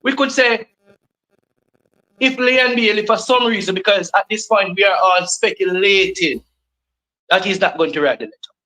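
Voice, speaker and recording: Bright, insistent Jamaican panelist. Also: male voice, high voice, moderate pace, pauses often, low-quality recording. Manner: insistent, argumentative, repeats his point. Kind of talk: casual panel debate.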